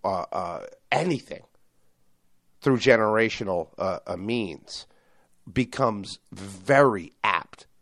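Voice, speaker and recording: A New man hosting a loose, profane podcast. He talks excitably and jumps between tangents. The sound is dry and close. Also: on the low side, takes it slowly, vocal fry, no room sound. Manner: animated, excitable, swears a lot. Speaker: podcast host. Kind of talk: casual profane podcast banter.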